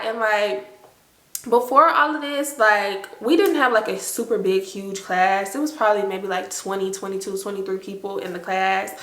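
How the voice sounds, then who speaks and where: Bright-voiced young woman telling a story. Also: fairly high pitch, moderate pace, reverberant. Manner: animated, heavy use of "like", acts out quotes. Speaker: storytime vlogger. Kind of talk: casual storytelling to camera.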